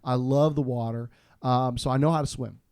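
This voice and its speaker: A man's voice: mid-range voice, normal speed, clean tone, no echo, clean studio sound. Chatty man telling a story. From Florida. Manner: animated, self-deprecating, with many restarts. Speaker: guest. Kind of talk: casual storytelling.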